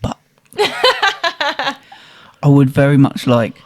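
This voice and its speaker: A podcast co-host with a mid-range voice speaks slowly as he tells rowdy stories in casual conversation. He's animated, laughs a lot, and acts out the people he quotes.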